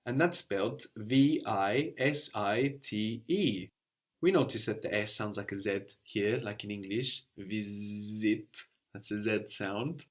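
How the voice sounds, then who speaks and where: A man teaching a language lesson, explaining patiently step by step and often checking with a quick "no?". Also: lowish voice.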